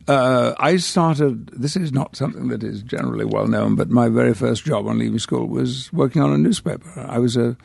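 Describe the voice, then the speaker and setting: An older man from the north of England tells stories as a podcast guest, pausing and circling back as he goes. His voice has a gravelly edge. The studio sound is close and dry. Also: mid-range voice, a little mellow, no echo. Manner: rambling anecdotes with hesitations. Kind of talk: casual interview storytelling.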